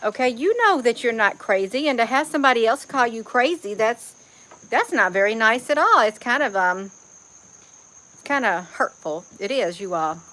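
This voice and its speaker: Animated and speaking at normal speed, the woman streams from outdoors among trees, reading chat, using viewers' names, and saying "you all" in a folksy manner. Her slightly high voice sounds pushed and bright over poor audio.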